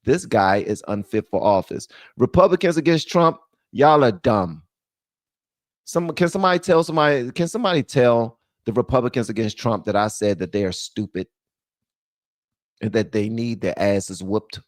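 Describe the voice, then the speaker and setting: A man's voice: medium pitch, moderate pace, no room sound, clean studio sound. A man hosting his own commentary show, ranting bluntly and profanely and calling out his viewers. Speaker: host.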